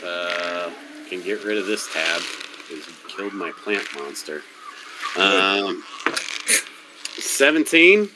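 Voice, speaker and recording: A man's voice: sits low, animated, slow, long pauses, very noisy. A man running a tabletop game as game master, talking casually with swearing and restarts. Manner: casual, profane, stop-start.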